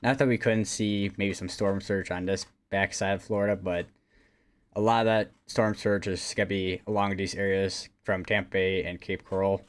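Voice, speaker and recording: Man, somewhat low voice, casual livestream weather host, halting, filler-heavy. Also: flat delivery. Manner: rambling, hesitant, many fillers and restarts. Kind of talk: casual live weather commentary.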